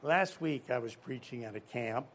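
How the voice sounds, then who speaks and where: A man preaching a sermon to young people, telling a story and asking the crowd questions, swinging from loud emphasis to quiet. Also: medium pitch, lively intonation, normal speed, a little hiss or hum.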